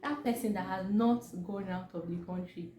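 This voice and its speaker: A woman's voice: medium pitch, moderate pace, dark tone, slight background noise. Chatty Nigerian woman vlogging in an echoey room. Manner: chatty, emphatic, leans on "like". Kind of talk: casual talk to camera. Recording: echoey room with faint background ambience.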